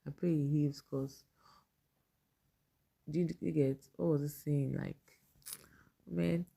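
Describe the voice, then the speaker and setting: Low, gravelly Nigerian woman chatting. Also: fairly even intonation, slow, mellow. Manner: chatty, laughs often, mixes in pidgin. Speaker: vlogger. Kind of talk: casual commentary reading fan posts.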